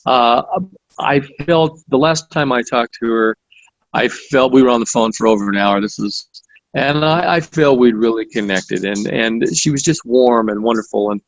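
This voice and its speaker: A guest author, a man with a mid-range voice, tells stories at a moderate pace in a conversational interview style, full of restarts and fillers. The audio is dry with no echo, though the high frequencies are cut off.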